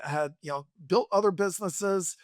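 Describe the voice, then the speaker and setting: A man's voice: sits high, moderate pace, no echo, studio quality. Enthusiastic man hosting a podcast. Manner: enthusiastic, rambling storytelling. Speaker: podcast host. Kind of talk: casual interview.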